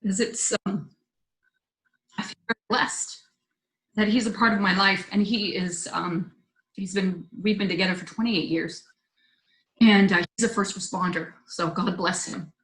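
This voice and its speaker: A middle-aged woman hosting a healing circle over a video call, sharing tearfully in a soft, halting, heartfelt way. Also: medium pitch. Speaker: host of a women's healing circle. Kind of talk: emotional sharing in an online circle. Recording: roomy echoey sound.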